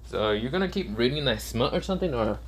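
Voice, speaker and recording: A man's voice: mid-range voice, expressive, fast talker, slightly rough. A man voicing a grumpy, foul-mouthed teenage boy who wants to be a pirate, talking curtly and dismissively. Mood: sardonic. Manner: curt, swearing, dismissive.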